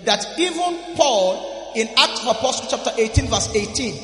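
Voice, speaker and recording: A man with a very high, bright, forceful voice preaches a sermon, calling out to the congregation and swinging between quiet asides and shouted emphasis. The sound carries a long, roomy reverb from a big hall, with faint music behind him. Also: lively intonation, normal speed. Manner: emphatic, with frequent call-and-response to the congregation. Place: church service in a large hall.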